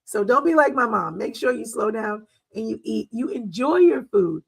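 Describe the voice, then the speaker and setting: A woman's voice: fairly high pitch, animated, normal speed, creaky, slightly rough, low-quality recording. A middle-aged woman hosting a wellness talk, chatting casually and telling stories with frequent laughs and fillers. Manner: chatty, storytelling, laughs often, many fillers. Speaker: wellness show host.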